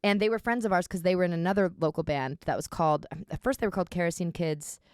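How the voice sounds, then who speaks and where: A woman who plays drums, a guest on a podcast, telling stories in animated casual chat and laughing often. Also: fairly low pitch, fast, clear, resonant tone, no echo, clean studio sound. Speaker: drummer guest.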